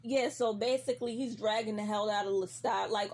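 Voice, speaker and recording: Young female recap host, animated, slangy, husky. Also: medium pitch, brisk, hardly any pauses. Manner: animated, slangy, heavy profanity. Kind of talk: casual TV recap.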